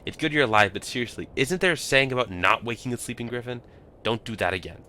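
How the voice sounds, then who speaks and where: A man's voice: medium pitch, fast, pushed and bright, slight background noise, voice pushed up, natural voice. A man voicing a grumpy, worried male goblin companion in a video game, scolding in an exasperated way.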